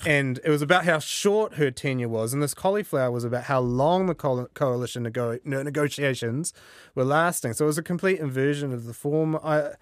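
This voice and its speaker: A man in a casual radio chat, earnest and quick to argue a point, with jokes. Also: on the high side, no echo, clean studio sound. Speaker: media reporter.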